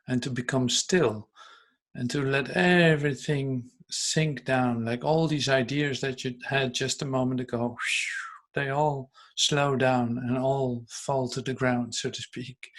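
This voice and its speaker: A man teaching an online spiritual class, reading passages aloud and reflecting on them gently. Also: medium pitch.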